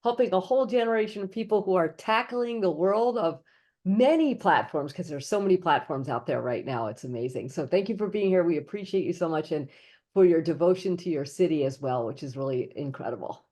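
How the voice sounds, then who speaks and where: A woman's voice: lowish voice, animated, a little fast, a little mellow. A woman hosting a casual interview podcast, upbeat and encouraging, laughing easily. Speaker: podcast host.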